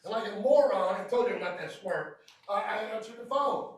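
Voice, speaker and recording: A man with a very high voice leads a hands-on training class, cracking jokes and pulling answers from the trainees. He is picked up from a distance in a very echoey room. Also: brisk. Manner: joking storyteller who quizzes the class. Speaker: field service trainer. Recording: very echoey room, recorded from far off.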